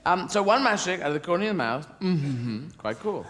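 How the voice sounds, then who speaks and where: A man's voice: sits high, sing-song, a little fast. A man performing stand-up comedy in a rambling, whimsical way, often breaking off and interrupting himself. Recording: loud background noise.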